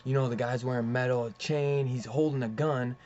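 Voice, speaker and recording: Excitable young man rambling about comics. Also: mid-range voice, fairly quick. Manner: excitable, rambling, swears and says "dude" a lot. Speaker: comic book reviewer. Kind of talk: casual enthusiastic review. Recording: slightly dull lo-fi audio with faint hiss.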